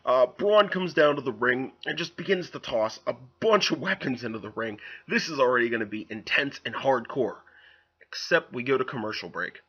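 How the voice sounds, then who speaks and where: A young man casually recapping a wrestling show, rambling and animated with lots of fillers. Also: medium pitch, normal speed, breathy edge, dull audio.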